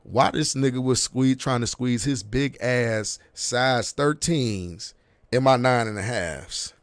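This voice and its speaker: A man in his thirties telling a long story in casual chat, with animated delivery and heavy street slang, acting out what people said. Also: medium pitch, slow pace, dry recording. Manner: animated, profane street slang, acts out quotes. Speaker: podcast host.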